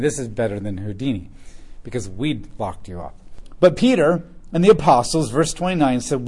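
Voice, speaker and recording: Man with a dark voice reading scripture. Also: mid-range voice. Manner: reads scripture aloud, then comments casually with humor. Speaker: Bible teacher. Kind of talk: Bible reading with commentary.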